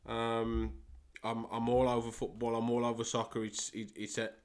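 A young man with a West Midlands English accent, hosting a solo soccer podcast and talking in a halting way with many fillers and repeated words. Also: medium pitch, monotone. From England. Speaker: podcast host and soccer coach.

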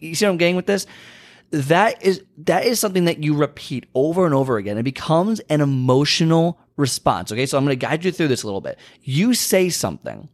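A man giving a casual motivational talk straight to listeners. He keeps checking in with "okay?", stretches key words slowly, and jumps in pitch and speed to stress a point. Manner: animated, leaps in pitch and speed for emphasis. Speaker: motivational speaker.

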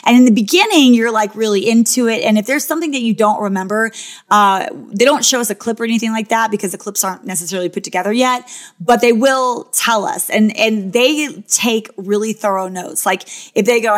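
A woman who was once on a reality show, telling stories in a casual, chatty way, full of "like" and "you know", and acting out quotes in quick bursts. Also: fairly high pitch. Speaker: former reality show contestant. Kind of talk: casual storytelling.

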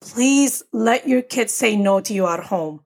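A woman's voice: a little high, expressive, measured pace, creaky, a little mellow. Earnest woman therapist chatting about feelings. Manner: earnest, reflective, talks through her anxieties. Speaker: podcast co-host. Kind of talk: casual chat.

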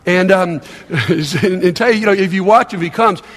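High-voiced older pastor preaching in a hall. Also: male voice, normal speed. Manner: animated storytelling, acting out quoted voices. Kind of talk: sermon. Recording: long reverb of a large hall.

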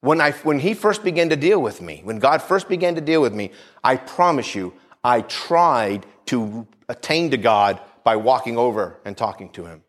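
With a medium-pitched, animated voice and a moderate pace, a man delivers an impassioned sermon whose volume rises and drops, repeatedly calling out to the congregation for an amen.

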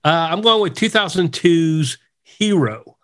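A man's voice: on the high side, animated, unhurried. A man co-hosting a podcast in casual, rambling, enthusiastic chat. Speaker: podcast co-host.

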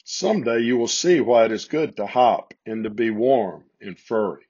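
A man voicing a gentle wise silver wolf. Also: medium pitch, lively intonation, breathy edge. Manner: slow, gentle, deliberate. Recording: slightly muffled lo-fi recording.

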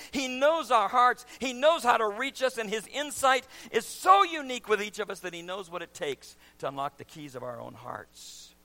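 A pastor delivers a sermon in a strikingly high, bright man's voice. He drops to near-hushed asides, then rises to loud, shouted emphasis. His preaching has a dramatic, sweeping delivery. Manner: dramatic swings from quiet to shouting.

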